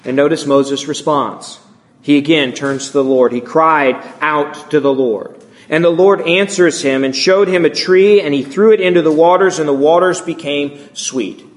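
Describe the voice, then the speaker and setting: A man's voice: on the high side, normal speed. A man giving a sermon, reading scripture and voicing the complaints with rising emphasis. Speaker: preacher.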